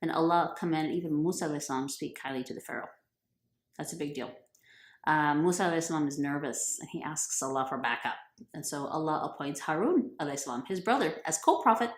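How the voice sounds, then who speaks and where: A woman narrating a religious tale in a casual, joking tone, full of slangy asides. Her voice sits a little low. The recording carries a roomy echo. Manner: playful, chatty, slangy. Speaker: storyteller. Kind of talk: casual comic retelling of a religious story.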